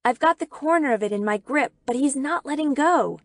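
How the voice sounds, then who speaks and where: A woman narrating a novel in the first person, in an expressive storytelling manner. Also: high voice, fairly quick, no echo. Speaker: audiobook narrator.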